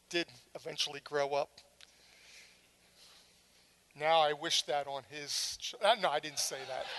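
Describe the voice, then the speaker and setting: A middle-aged woman delivers a sermon in a lively, storytelling manner. She acts out scenes with dramatic flair and drops wry humorous asides between her points. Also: fairly low pitch. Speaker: preacher.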